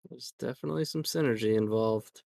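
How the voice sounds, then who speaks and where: A tired man works through card game decisions out loud, hesitating and second-guessing his moves. His middle-pitched voice is recorded very dry and close, with no room sound around it. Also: brisk, gravelly, no echo. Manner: hesitant, thinks aloud with fillers and restarts. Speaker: guest player in a card game. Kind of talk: casual gameplay discussion.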